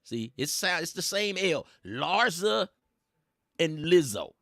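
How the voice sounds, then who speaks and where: A man's voice: a little high, very animated, slow pace, a bit bright, dry recording, clean studio sound. A man hosting a casual commentary show, mocking and teasing his audience in slangy speech. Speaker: host.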